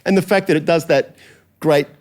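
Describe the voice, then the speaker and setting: A man hosting a podcast, speaking in a relaxed, halting but enthusiastic way. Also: on the high side. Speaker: podcast host. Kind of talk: casual chat.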